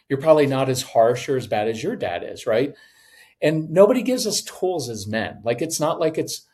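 A man in his fifties giving casual parenting advice on a podcast, animated and acting out quoted voices. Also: mid-range voice. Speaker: podcast guest, parenting coach.

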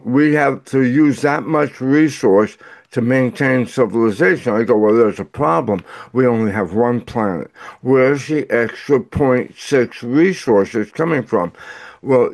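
A man in his eighties speaks as an interview guest, laying out his points in an earnest, lecturing tone. He takes his time, moving at a slow, deliberate pace and pausing on filler sounds, and his voice sits at an ordinary middle pitch. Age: 80s. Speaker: guest author. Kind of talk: interview answer.

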